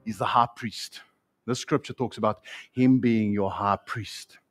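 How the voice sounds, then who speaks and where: A man with a New Zealand accent preaching a sermon in a church, fiery and excitable, swinging from shouts to hushed tones and calling listeners bro. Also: lowish voice, a little slow, faint music behind. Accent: New Zealand English. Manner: casual slang, calls listeners bro and man. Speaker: pastor. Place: church hall.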